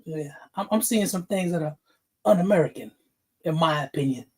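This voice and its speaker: A man's voice: a little high, animated, normal speed, darkish tone, breathy edge. A man hosting a casual livestream, greeting chatters by name, laughing often and getting fired up. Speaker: livestream host.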